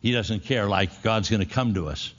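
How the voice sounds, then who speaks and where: Brief: low, husky male preacher, folksy sermon delivery, dull lo-fi church hall with long reverb. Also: normal speed. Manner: folksy storytelling, rising to emphatic. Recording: dull echoey hall recording.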